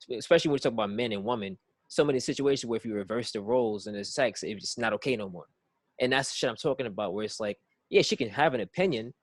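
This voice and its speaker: This man co-hosts a laid-back podcast, meandering through his thoughts, repeating words and returning again and again to "it's like". He has a medium-pitched voice, recorded with no echo.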